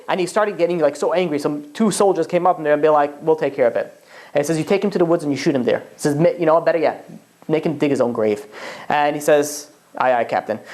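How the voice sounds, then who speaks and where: A low-pitched woman tells a story in a religious talk. She keeps stopping and restarting her sentences and leans on "you know" as she goes. Her phrasing carries bits of Yiddish-flavored slang. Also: darkish tone. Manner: halting, full of restarts and "you know" fillers.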